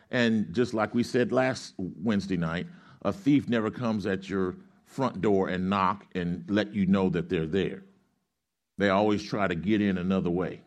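A male pastor preaching a sermon. He reads scripture aloud, explains it like a teacher, and asks the congregation questions for them to answer back. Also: on the low side. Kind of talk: sermon with call-and-response.

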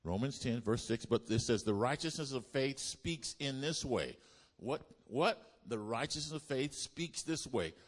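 A pastor preaching a sermon to his congregation, asking them to repeat lines back and building up to loud exclamations. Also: mid-range voice, expressive, measured pace. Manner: call-and-response preaching, builds to shouts. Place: church.

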